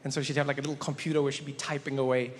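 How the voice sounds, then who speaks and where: A man telling stories as a stand-up comedian in an animated, conversational way. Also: medium pitch, racing, long reverb tail. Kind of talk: stand-up storytelling.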